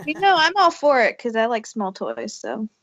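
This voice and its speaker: A woman's voice: on the high side, big pitch swings, moderate pace, a bit bright, dry recording. A woman co-hosting a podcast, chatting in an easygoing, giggly way. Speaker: podcast co-host. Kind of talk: casual chat. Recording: dull, dry lo-fi audio.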